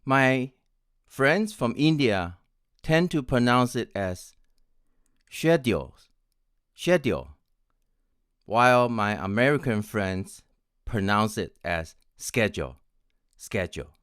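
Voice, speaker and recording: A man in his sixties from Taiwan, an English pronunciation coach, teaching in a deliberate way and spelling words out letter by letter. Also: medium pitch, lively intonation, fairly bright tone, clean tone, no room sound, clean studio sound. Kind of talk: scripted teaching.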